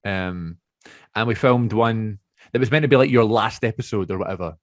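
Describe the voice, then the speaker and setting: A man's voice: on the low side, normal speed, dry recording. Young guy hosting a podcast over zoom, chatty, rambles, dry sound. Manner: chatty, rambling, self-correcting. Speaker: podcast host. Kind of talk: casual chat. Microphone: video call.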